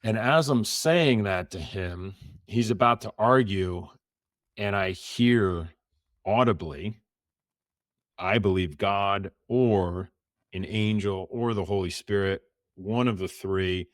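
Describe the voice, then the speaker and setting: A man's voice: deep voice, moderate pace, no echo, clean studio sound. A middle-aged man, a former Navy SEAL, vividly retelling a story in an interview and acting out the dialogue.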